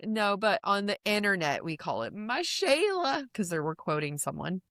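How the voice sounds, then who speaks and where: A woman co-hosting a casual book discussion podcast, animated and teasing, with quick asides. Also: mid-range voice, no room sound, studio quality. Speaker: podcast co-host.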